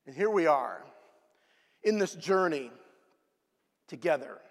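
A man preaching a sermon with dramatic swings between loud exclamations and hushed whispers. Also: fairly high pitch, expressive, slow, vocal fry. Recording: long reverb of a large hall.

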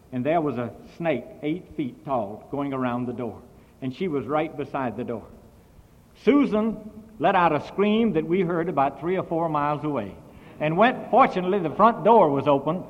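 Brief: male missionary preacher, fairly high voice, lively storytelling, dull old recording with long reverb. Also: normal speed. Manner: animated, big swings in volume and pitch. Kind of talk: sermon storytelling.

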